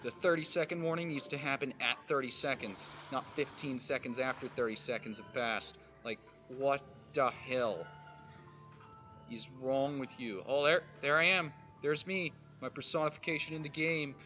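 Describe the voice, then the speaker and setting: A man streaming a survival game, muttering and grumbling and swearing at creatures, with sudden loud outbursts. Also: mid-range voice, moderate pace, soft background music. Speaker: gaming streamer. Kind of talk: casual let's-play commentary.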